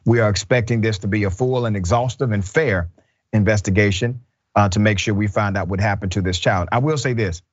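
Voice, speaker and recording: A man's voice: on the low side, brisk, dull audio. Emphatic male news show host. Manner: emphatic, with rhetorical questions. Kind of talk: news commentary.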